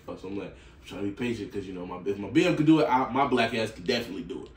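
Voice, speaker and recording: A man's voice: mid-range voice, very fast. A young man hosting a reaction video, telling a story with lots of laughing and swearing and acting out what people said. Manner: animated, laughing, swearing, acts out quotes. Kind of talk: casual storytelling and reaction chat. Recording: echoey room, mic at a distance.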